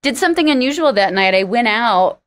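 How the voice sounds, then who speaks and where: A woman's voice: on the high side, expressive, brisk. A singer-songwriter woman, a guest in an interview, telling stories animatedly and laughing often. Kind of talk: storytelling interview talk.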